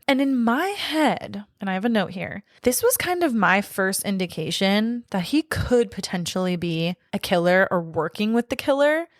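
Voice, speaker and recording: A woman's voice: mid-range voice, no room sound, studio quality. A woman co-hosting a casual podcast, recapping movie scenes in a chatty, giggly way. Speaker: podcast co-host.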